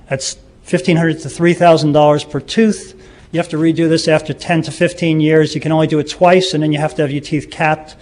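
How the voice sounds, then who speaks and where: A man's voice: a little high, a little mellow. A man giving public comment at a city council meeting, earnestly reciting statistics with many ums and uhs.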